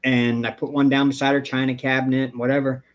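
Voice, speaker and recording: A man's voice: mid-range voice, little pitch movement, quick pace. A man hosting a live stream, telling a long story in a rambling, casual way. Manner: rambling storyteller, acts out the people he quotes. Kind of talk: casual chat.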